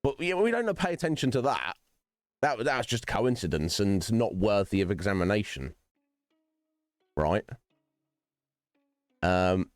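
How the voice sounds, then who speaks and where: This streamer talks to his viewers by name while gaming, drifting into philosophical rambles and cursing freely. His lowish voice is very animated yet a little slow, with frequent pauses, in studio-quality audio with no room sound and soft background music.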